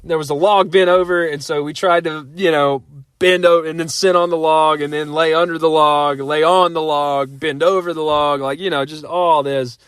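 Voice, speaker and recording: A man's voice: on the high side, fairly even intonation, normal speed, a bit bright, clean tone, no room sound, studio quality. A man in his thirties casually telling a rambling personal story, full of fillers and frequent laughs.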